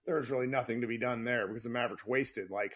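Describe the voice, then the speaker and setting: A man's voice: medium pitch, quick pace, a bit bright. A man hosting a live podcast room, talking basketball in a chatty, rambling way with frequent restarts. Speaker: podcast host. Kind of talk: casual live sports chat.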